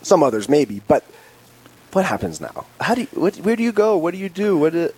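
A man's voice: on the high side, very animated, a little fast, mellow, breathy edge, rough recording. A man interviewing a guest, asking questions and affirming with frequent "mm-hmm"s.

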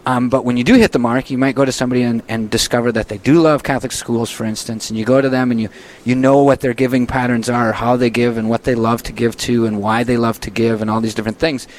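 A man hosting a casual faith discussion, chatty and animated, often laughing and slipping into quoted voices. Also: medium pitch, fast, few pauses, low-quality recording. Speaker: host. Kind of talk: casual Catholic Q&A talk.

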